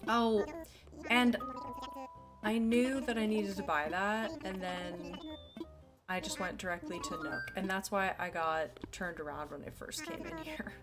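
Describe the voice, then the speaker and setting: Sleepy, chatty woman streamer, unhurried. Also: medium pitch, animated. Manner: chatty, rambling and giggly. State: sleepy, yawning. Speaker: game streamer. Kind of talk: casual live-stream chat. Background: faint background music.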